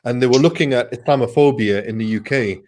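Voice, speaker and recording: A man's voice: mid-range voice, fast talker, a little mellow. A man in a casual panel chat, talking conversationally and teasing the others. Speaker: panel guest.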